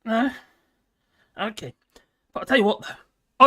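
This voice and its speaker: A woman's voice: fairly high pitch, expressive, measured pace, sharp tone. An older woman, hosting a live stream and chatting casually with viewers in a rambling, jokey, cheeky way.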